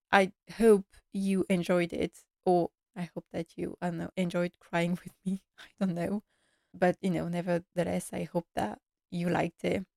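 A woman podcast host recapping a sad episode while tearful, speaking in an emotional, halting way. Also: fairly low pitch, creaky, darkish tone, dry recording, studio quality.

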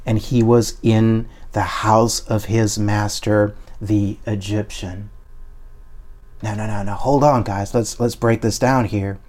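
A man with a somewhat low voice preaches an online sermon. He is emphatic and repetitive, circling back over his points as he leads listeners in repeating affirmations. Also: little pitch movement, takes it slowly, darkish tone.

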